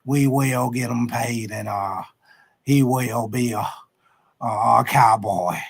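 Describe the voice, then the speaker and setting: A slow, folksy older team owner, as a sports-stream host puts him on, dropping his voice low and dragging out every phrase. He stalls with long "uh" pauses and sounds relaxed yet evasive. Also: creaky, breathy edge, full character voice. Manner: slow drawling delivery full of "uh" pauses. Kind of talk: comic impression on a live sports stream.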